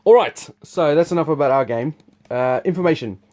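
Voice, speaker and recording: A man's voice: fairly high pitch, lively intonation, a little fast, darkish tone. A man hosting a board game preview, explaining the game in a rambling, chuckling, casual way. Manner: rambling, chuckling, restarts sentences.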